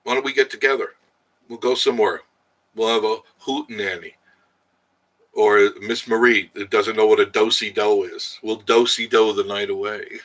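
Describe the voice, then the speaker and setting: Man, host, casual live-stream chat, jokey, bright tense voice. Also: on the low side, fairly even intonation, moderate pace. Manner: chatty, jokey, laughs often. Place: outdoors in the Smoky Mountains.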